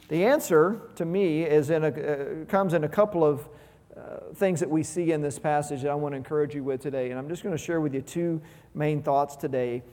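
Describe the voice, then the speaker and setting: High-voiced preaching man in a reverberant hall. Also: fairly quick, warm tone. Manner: emphatic, repeats key words, rhetorical questions. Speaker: pastor. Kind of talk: sermon. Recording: long reverb of a large hall.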